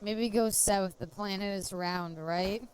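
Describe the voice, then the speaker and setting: A woman streamer gives casual commentary as she plays a game, rambling through jokey stories and giggling often. Her mid-range voice has a darkish tone, she takes it slowly, and there's a little hiss or hum.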